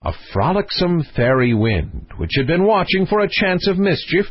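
A man reads a fairy tale aloud with expressive, lilting storytelling. His voice is husky and swings widely in pitch. The audio is dry and dull, like a lo-fi home recording. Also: normal speed, no room sound. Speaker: audiobook narrator. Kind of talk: scripted narration of a fairy tale.

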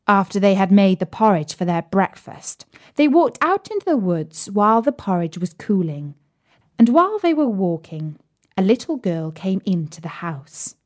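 A woman reading a children's fairy tale aloud in a measured, gently expressive way. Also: lowish voice. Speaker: storyteller. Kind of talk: storybook read-aloud.

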